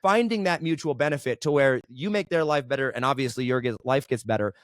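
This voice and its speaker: A man telling stories as a guest in a casual interview, animated and constantly checking in with "right?". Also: medium pitch, fast talker, no echo. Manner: animated, keeps asking "right?". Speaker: podcast guest, entrepreneur.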